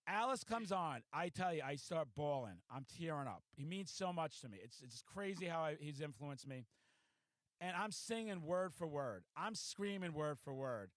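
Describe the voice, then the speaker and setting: A man hosting a podcast in casual chat, telling stories in an excitable, profane rush. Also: a little high, moderate pace, no echo. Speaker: podcast host.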